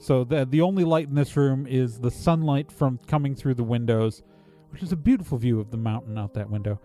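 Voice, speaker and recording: A man narrating as game master in a relaxed, rambling way with plenty of fillers. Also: medium pitch, brisk, soft background music.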